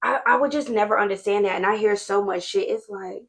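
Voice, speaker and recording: A frank, headstrong woman chatting on a podcast, her voice bright and forceful. She talks plainly, in slang, and holds firm to her point. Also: medium pitch. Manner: frank, headstrong, slangy, reacts with quick interjections. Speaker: podcast co-host. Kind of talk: casual chat.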